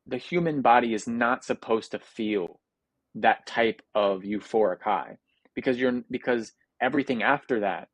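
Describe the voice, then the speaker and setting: The interview guest, a young American Paralympic athlete, answers casually yet earnestly and reflectively, with many fillers and restarts. He speaks at a moderate pace in a mid-range voice, with no echo.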